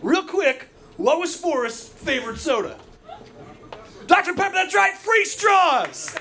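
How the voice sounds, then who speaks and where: A male stand-up comedian on a club stage, loudly shouting his punchlines like a game-show host. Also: extremely high pitch, expressive, unhurried. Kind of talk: stand-up set. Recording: noisy comedy club with crowd.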